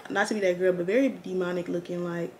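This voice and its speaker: A young woman chatting slangily through a get-ready-with-me storytime, animated and candid. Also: fairly low pitch, quick pace, slight background noise. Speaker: vlogger.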